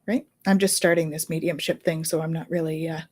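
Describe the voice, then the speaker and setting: A middle-aged woman, a Reiki healer and medium, casually telling a story in a chatty, animated way. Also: sits low, a little fast. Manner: chatty, animated, with fillers and laughs.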